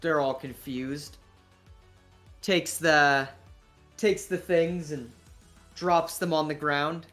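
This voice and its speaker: A game master narrating a tabletop session at an unhurried pace. The telling is casual and rambling, packed with swearing and fillers. Faint music sits in the background. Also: mid-range voice, steady tone, fairly bright tone.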